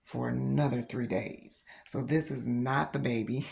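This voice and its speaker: A middle-aged woman with a very deep, gravelly voice tells a personal story for her doll-collecting vlog. She speaks in a casual, animated way and laughs often. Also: takes it slowly. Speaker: reborn doll vlogger.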